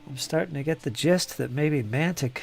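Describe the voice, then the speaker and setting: A man chatting casually on a live hobby stream while building models, rambling and muttering to himself, with a voice he says is going hoarse. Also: a little high, moderate pace, a little mellow, faint music behind. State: losing his voice.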